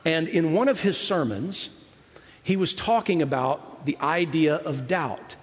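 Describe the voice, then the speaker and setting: Preaching in a high voice to a congregation, a pastor keeps things conversational, checking in with "right?" and performing the lines of biblical characters. A long reverb from the hall lingers after everything he says.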